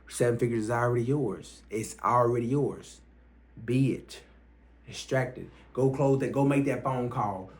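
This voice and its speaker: A man giving a motivational money-mindset talk as an online business coach, swearing freely and punching key points louder. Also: mid-range voice. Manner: profane, emphatic, bursts louder on key points. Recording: roomy, from some distance.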